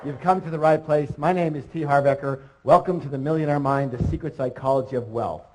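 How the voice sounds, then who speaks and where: High-ish voiced guy doing a pumped-up motivational seminar, always firing questions at the room. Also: a little fast, a little hiss or hum, poor audio. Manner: energetic, calls out questions to the audience. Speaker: seminar speaker.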